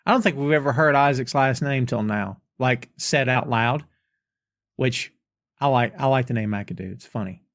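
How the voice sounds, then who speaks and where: A man's voice: medium pitch, moderate pace, creaky, a bit bright, dry recording, studio quality. A man hosting a podcast, chatting casually and recapping scenes from an episode line by line. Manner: retells dialogue line by line, conversational. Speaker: podcast host reviewing a TV episode.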